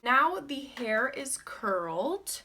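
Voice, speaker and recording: A woman's voice: high-pitched, sing-song, takes it slowly, sharp tone, slightly rough. A young woman chatting in a casual beauty vlog, rambling with lots of fillers and frequent giggles. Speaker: beauty vlogger.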